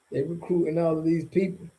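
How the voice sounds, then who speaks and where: Mellow-voiced slangy man vlogging. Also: on the high side. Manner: slangy, rambling, chuckles between points. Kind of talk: casual off-the-cuff commentary.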